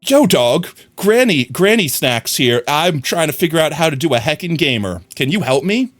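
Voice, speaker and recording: An old grandma fumbling through young gamer slang, played by a man. The voice is pushed up high and swoops around, with faint music underneath. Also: very animated, moderate pace, fairly bright tone. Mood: awkward.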